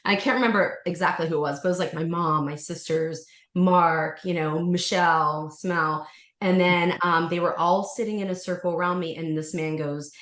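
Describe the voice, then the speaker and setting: A woman who teaches yoga, guesting on a podcast and telling a personal story in a lively, casual way, acting out the voices of the people in it and using lots of fillers. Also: on the low side. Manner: animated, acts out voices, many fillers. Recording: roomy room echo.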